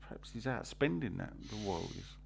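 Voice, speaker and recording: A man's voice: mid-range voice, huge pitch swings, fairly quick, creaky, crowd noise. A man hosting a casual football podcast, reading listener messages with dry banter.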